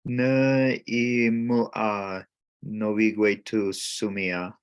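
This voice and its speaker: A man who is a student in a language class, speaking slowly and carefully. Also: lowish voice, little pitch movement, smooth, no room sound. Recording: dull dry call audio.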